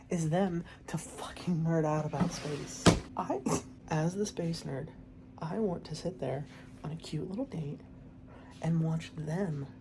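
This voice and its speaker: A woman with a low, gravelly voice chats away at home in a loose, rambling stream. She swears freely and keeps cutting herself off to restart a thought. A faint hum of room ambience sits under her. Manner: chatty, swears often, trails off and restarts. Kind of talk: casual rambling chat.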